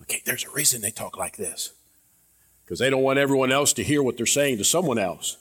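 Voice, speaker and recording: A male pastor preaching a sermon to his church in an earnest, conversational way, often dropping to quiet, low tones and asking the congregation questions. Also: animated, a little fast, husky. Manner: conversational, repeats words, asks the congregation questions.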